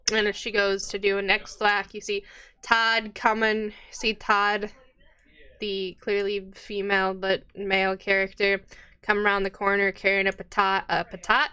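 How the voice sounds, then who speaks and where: A woman game master describes the scene in loose, chatty narration. Her voice is bright and crisp. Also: mid-range voice.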